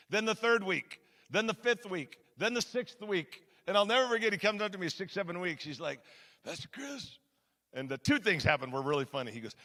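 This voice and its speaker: Male pastor, gravelly and bright, chatty sermon delivery in a big reverberant hall. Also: sits high. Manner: animated, conversational, asks the audience questions. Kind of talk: storytelling sermon. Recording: long church hall reverb.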